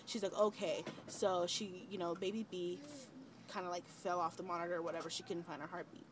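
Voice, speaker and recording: A young woman talks straight to her camera, telling a personal story in a loose, chatty way. She leans on fillers and acts out what people said. Steady background noise sits under her home-video recording. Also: on the low side, a little fast. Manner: chatty, relaxed retelling with many fillers and quoted dialogue. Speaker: vlogger, mother of twins. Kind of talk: casual storytelling.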